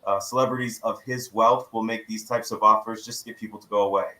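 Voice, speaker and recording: A man, the show's house attorney, calmly breaking down a legal case on a podcast panel. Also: on the low side, reverberant, poor audio. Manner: measured legal explanation.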